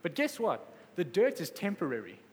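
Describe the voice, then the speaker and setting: A man preaching a sermon with passion, swinging between loud exclamations and quiet, soft stretches. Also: sits high, wildly swooping pitch, normal speed, big-room sound. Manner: passionate, rising to exclamations then dropping soft.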